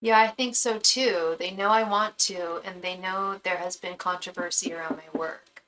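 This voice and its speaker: A woman's voice: fairly low pitch, fairly even intonation, normal speed, background noise. A young woman reading tarot on a live stream, talking casually with slang and rattling off repeated invocations to her spirit guides. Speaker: tarot reader and psychic medium.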